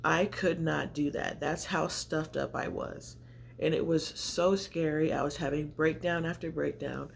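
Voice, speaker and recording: Gravelly-voiced chatty woman vlogger. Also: deep voice, steady tone, measured pace, slight background noise. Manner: chatty, confessional, rambling. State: often out of breath. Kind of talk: casual vlog chat to camera. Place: home, indoors by natural light.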